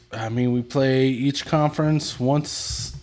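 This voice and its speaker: A man co-hosting a live show in casual chat, steady and matter-of-fact with dry remarks. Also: medium pitch, takes it slowly. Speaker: podcast co-host.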